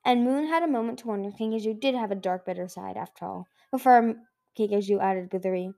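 A woman reading a children's fantasy novel aloud in a measured way, with small slips and restarts. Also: mid-range voice, creaky, warm tone. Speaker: audiobook reader. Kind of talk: storybook read-aloud.

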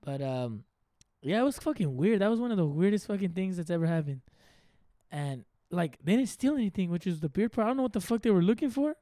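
A man's voice: sits high, quick pace, no echo, clean studio sound. A man in his early twenties, co-hosting a casual podcast, telling stories with lots of swearing and acted-out quotes. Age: early 20s. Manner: profane, animated storytelling with acted-out quotes. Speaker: podcast co-host.

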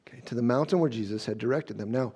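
Speaking quickly in a medium-pitched, dark, husky voice, the pastor keeps his sermon conversational. He repeatedly asks "okay?", restarts lines, and performs the scenes he describes.

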